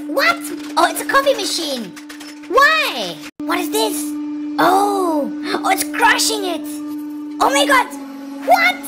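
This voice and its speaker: Very high-pitched, excitable reaction host. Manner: gasping, exclaiming and giggling at clips; rhyming nonsense words. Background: music from the clips.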